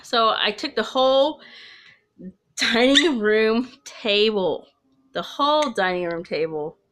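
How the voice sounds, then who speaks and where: A woman's voice: fairly high pitch, animated, takes it slowly, fairly bright tone. A woman telling her own ghost story to camera in a casual, chatty way, rambling with asides and restarts. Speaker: storyteller of personal ghost stories.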